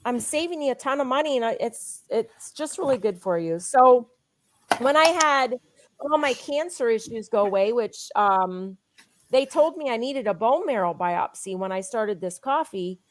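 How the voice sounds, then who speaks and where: Woman guest, higher voice, dry close sound, pushes a product with eager testimony. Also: expressive, no room sound. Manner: eager, insistent, fast storytelling. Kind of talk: sales pitch with personal testimony.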